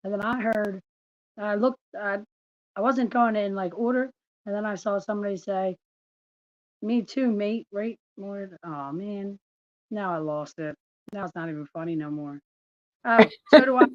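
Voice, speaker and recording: A woman's voice: medium pitch, moderate pace, no room sound, lo-fi sound. A woman co-hosting a casual livestream, joking, laughing and swearing casually.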